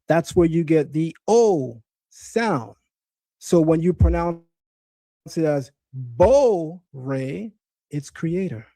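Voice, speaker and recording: A man's voice: on the high side, dark tone, dry recording. A man hosting a live stream, teaching Hebrew and debating a caller, emphatic and insistent, repeating points to drive them home.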